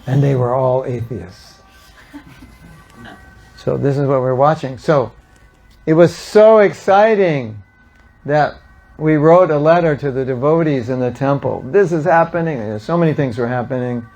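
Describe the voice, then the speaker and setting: Older man, gravelly voice, mid pitch, lively storyteller, talks to a gathering, animated quoting. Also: normal speed, faint music behind. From United States. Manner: animated storyteller, acting out quotes with laughs. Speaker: speaker at a devotional gathering. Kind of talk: storytelling talk to an audience.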